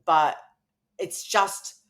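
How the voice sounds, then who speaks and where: A woman's voice: extremely slow, fairly bright tone. A woman co-hosting a podcast in casual chat who laughs often and restarts her sentences. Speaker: podcast co-host.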